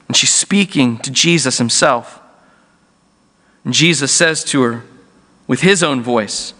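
A man's voice: mid-range voice, measured pace, pauses often, sharp tone. A man preaching a sermon as pastor, earnest and often restarting words mid-phrase. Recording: echoey hall.

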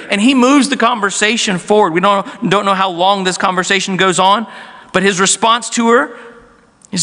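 A male pastor delivers a sermon in a notably high, bright voice. He speaks earnestly, often doubling words as he restarts, and the sound carries a long hall echo. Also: normal speed. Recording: echoey hall.

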